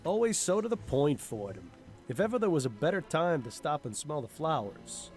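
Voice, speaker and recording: An actor voicing an easygoing, joking detective partner in a game, speaking in a wry, jokey way. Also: male voice, a little high, very animated, normal speed, a little mellow, soft background music. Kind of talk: voiced game dialogue.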